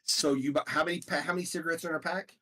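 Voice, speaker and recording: Relaxed podcast co-host, slightly higher male voice, easygoing storyteller who laughs a lot. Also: racing. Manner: laid-back, laughs often, storytelling. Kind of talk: casual comedic podcast chat.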